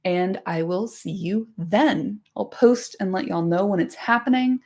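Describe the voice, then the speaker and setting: A woman's voice: mid-range voice, unhurried, darkish tone. A woman hosting a casual livestream chat, chatty and laughing often, with lots of "like" and casual swearing. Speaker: podcast host.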